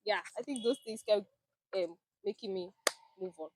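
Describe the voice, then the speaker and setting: Speaking at a moderate pace and medium pitch, a Nigerian woman recounts her time as a teaching fellow in a relaxed group chat. She acts out what people said and laughs frequently, in Nigerian English. Noise is audible in the background.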